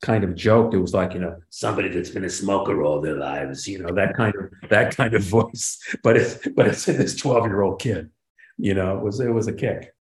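A man's voice: low-pitched, moderate pace. An older man, a guest in a casual interview, telling stories animatedly and acting out quoted lines. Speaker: guest, sitcom writer and producer. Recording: roomy echo.

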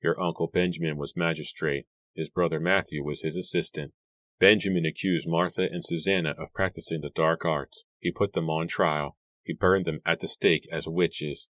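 A grave, earnest young man who speaks with steady intensity, as a male reader voices him. His voice is very deep and the recording dry and close. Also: moderate pace, no room sound. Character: earnest young man seeking to end a feud.

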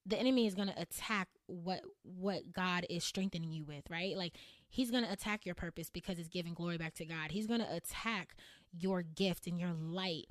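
A woman's voice: on the low side, moderate pace, no room sound, clean studio sound. A woman hosting her own podcast in a candid solo monologue, blunt and emphatic, repeating phrases for punch and swearing casually. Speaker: podcast host.

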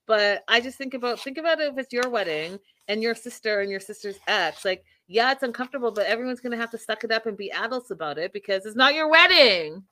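A woman's voice: fairly high pitch, sharp tone. A woman hosting a casual live-stream recap of reality TV, chatty and opinionated, with many fillers.

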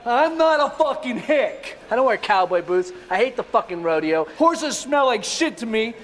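An actor playing an angry young male punk who rants with profane, sardonic scorn, in a clip from a film. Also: high voice.

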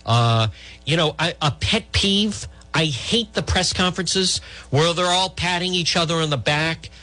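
A man's voice: fairly high pitch, unhurried, bright, forceful tone. A middle-aged man hosting talk radio, giving blunt, rambling political opinions with many restarts.

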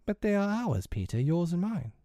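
A man voicing a prim, motherly young girl in a storybook reading, in a raised and lively pitch. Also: normal speed, no room sound, studio quality. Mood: anxious. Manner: prim, earnest, scornful at times. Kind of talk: storybook character voice.

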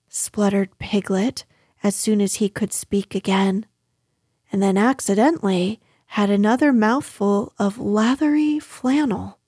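A woman narrating a children's storybook in a gentle, unhurried manner. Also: medium pitch, slightly rough, no room sound, clean studio sound. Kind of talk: storybook reading.

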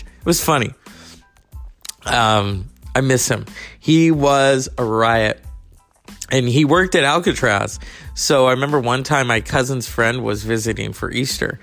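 A man's voice: medium pitch, a little slow, gravelly, a bit bright, soft background music. A man from California hosting his own podcast, rambling through stories with profane, chatty asides. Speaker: podcast host. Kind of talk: casual monologue.

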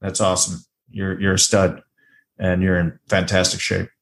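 A man with a fairly low voice co-hosts a casual movie podcast. He talks in a loose, joking way and slips into little acted-out quotes as he breaks down scenes. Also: moderate pace, a little hiss or hum. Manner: animated, joking, acts out quotes. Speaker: podcast co-host. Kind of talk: casual film review chat.

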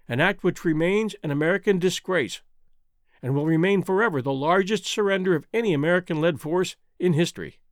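A man giving a measured, solemn scripted narration of wartime history. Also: fairly high pitch, dry recording, studio quality.

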